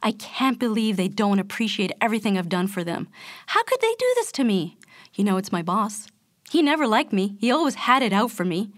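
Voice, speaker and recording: A woman's voice: very animated, a little fast, no echo, natural voice. Lady putting on a fired guy ranting, super indignant, voice shooting way up, dry sound. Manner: exasperated ranting, rising high. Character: angry, indignant man just fired from his job.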